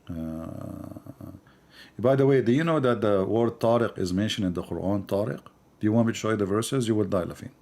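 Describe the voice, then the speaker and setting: A man hosting a live stream, talking in a mocking, animated way with sudden drops to a mutter. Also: fairly low pitch, normal speed, pauses often.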